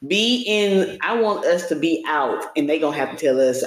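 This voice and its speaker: A woman's voice: sits low, moderate pace, reverberant. A woman co-hosting a podcast in casual chat, playful and joking as she tells stories. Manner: playful, joking, animated storytelling. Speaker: podcast co-host.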